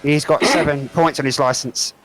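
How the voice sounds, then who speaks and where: A man's voice: on the high side, fairly even intonation, moderate pace, a little hiss or hum, rough recording. Hesitant man in casual chat. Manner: hesitant, fills with um and uh, ends on tag questions. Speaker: podcast co-host.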